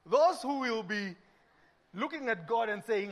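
A Kenyan man preaching a sermon, who acts out little dialogues and swings between loud bursts and hushed lines. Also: very high voice, lively intonation, a little slow. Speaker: pastor.

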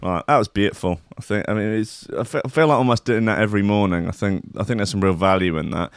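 A man's voice: fairly low pitch, fast, clean tone, dry recording, clean studio sound. Rambling, profane male host. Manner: rambling, profane, playful mock-cockney bits. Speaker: show host. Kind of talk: casual comedic monologue with swearing.

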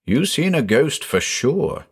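A man voicing an excitable rustic farmer who talks in folksy backcountry speech with an excited quaver. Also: mid-range voice, unhurried. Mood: solemn.

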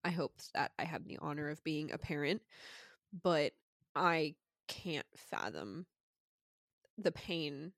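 Young woman crying while she talks, lowish voice, halting and apologetic, dry sound. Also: expressive, no echo. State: tearful, crying. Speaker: podcast co-host. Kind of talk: casual chat.

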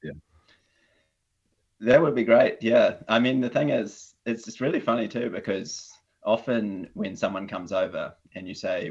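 Man, New Zealand accent, very deep voice, relaxed, lots of fillers, dull lo-fi call audio. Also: unhurried, husky. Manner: relaxed, hesitant, many fillers and restarts. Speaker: guest. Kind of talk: casual conversation.

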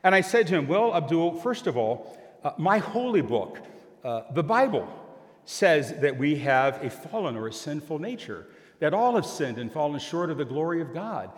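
An older male pastor preaching in a large church, his somewhat high voice carrying a long echo around the room. He tells his story with animation and acts out both sides of the exchanges. The delivery mixes plain conversation with pulpit conviction. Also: moderate pace. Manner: animated storyteller acting out dialogue. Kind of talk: sermon with storytelling. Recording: long hall reverb.

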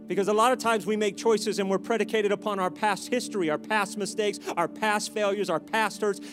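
A man preaching a sermon as pastor, joking in asides and building to loud, emphatic exhortations. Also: high voice.

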